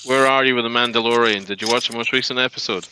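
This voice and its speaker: A man's voice: medium pitch, steady tone, fast talker, background noise. A man co-hosting a livestream, chatting casually with dry, teasing humor. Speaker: co-host of a livestream. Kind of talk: casual chat.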